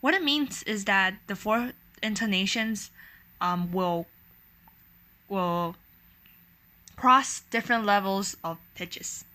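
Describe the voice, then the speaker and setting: Bright-voiced woman teaching language tones. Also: mid-range voice, slow, long pauses. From Taiwan. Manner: patient, demonstrating tones with sung-out syllables. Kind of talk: explanatory language lesson.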